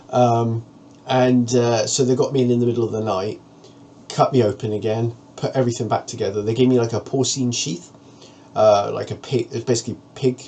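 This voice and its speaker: A man's voice: medium pitch, gravelly, dark tone, slight background noise. A man vlogging, talking frankly and earnestly to the camera about a personal ordeal in a plain-spoken way. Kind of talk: candid personal monologue to camera.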